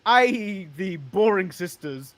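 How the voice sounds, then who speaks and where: Higher-voiced English man, dry sound. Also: expressive, takes it slowly, a bit bright, no echo. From England. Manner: chatty, giggly, stumbles over his words. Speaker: co-host. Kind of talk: casual wrestling recap chat.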